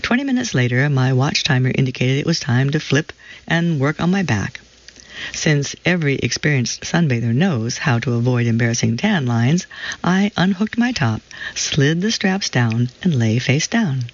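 Female reader for an audio reading service, expressive storytelling delivery, slightly muffled recording. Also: very deep voice. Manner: expressive, slows down over descriptive lists. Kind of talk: reading a personal story aloud.

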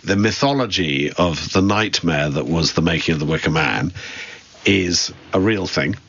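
Guesting in a reflective interview, the director's son talks about his father with dry, candid wit in a Southern English accent. His deep voice is a bit bright with a breathy edge, moving at a normal speed, and the sound is lo-fi.

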